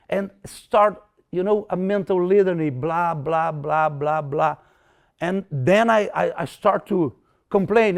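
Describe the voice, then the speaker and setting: Slow, gravelly man speaking broken English. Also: high-pitched. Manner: broken English, repeats words, acts out quotes. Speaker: martial arts instructor. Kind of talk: motivational talk.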